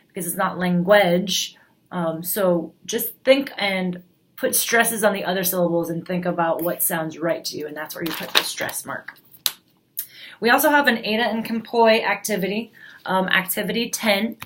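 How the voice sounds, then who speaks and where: A woman's voice: mid-range voice, a bit bright. Woman teacher explaining assignments. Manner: plain, explanatory, with frequent fillers. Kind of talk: recorded class announcement.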